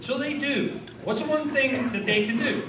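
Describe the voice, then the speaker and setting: A man giving an animated rally speech at a conference, firing off rhetorical questions and leading chants. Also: very high-pitched, normal speed, background noise. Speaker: conference speaker. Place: conference hall with audience. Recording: echoey hall, distant mic, crowd.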